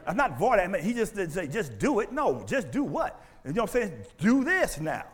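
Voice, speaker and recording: A male pastor preaching a sermon in church on a mic, animated and full of call-and-response questions. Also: sits high, normal speed, breathy edge, long reverb tail. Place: church sanctuary. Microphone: handheld or stand mic.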